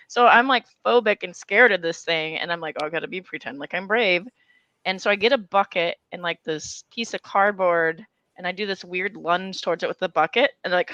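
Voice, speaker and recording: A young woman telling an animated story in casual chat, full of fillers and restarts. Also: lowish voice, no echo, lo-fi sound.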